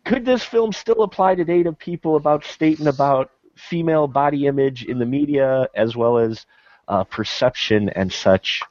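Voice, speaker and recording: A man's voice: medium pitch, moderate pace, a little mellow, dry recording. A man hosting a casual movie discussion podcast, laughing often and putting questions to the others. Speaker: podcast host. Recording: muffled, dry podcast audio.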